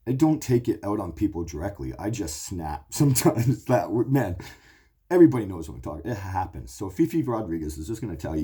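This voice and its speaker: A man in his forties hosts his own show, delivering a blunt, profane, emotional monologue that rambles. His voice is deep and dark, with a breathy edge.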